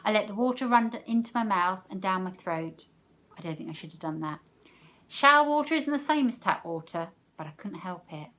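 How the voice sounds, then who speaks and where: A woman teacher reading a novel aloud, expressive, letting her loudness rise and fall with the story. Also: medium pitch, fairly quick.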